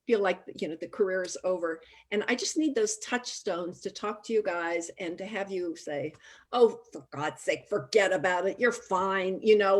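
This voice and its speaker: A woman hosting a casual chat over a video call, a lively, chatty storyteller. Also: medium pitch. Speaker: host.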